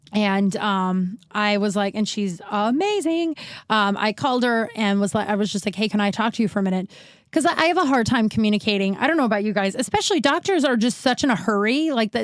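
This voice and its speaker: A podcast host with a mid-range voice and no room sound tells a long personal story in a chatty monologue, swearing now and then and acting out the people she quotes. She sounds a little winded, as she's recovering from illness.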